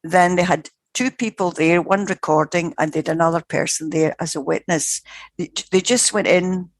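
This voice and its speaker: A woman's voice: fairly low pitch, fairly even intonation, moderate pace, no echo. An older woman, a guest researcher, telling a story in a vivid, dramatic way with frequent restarts. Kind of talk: conversational storytelling.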